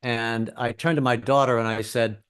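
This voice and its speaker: A man's voice: medium pitch, fairly even intonation, moderate pace, fairly bright tone, smooth. A middle-aged man doing a stand-up comedy set, wry and self-deprecating.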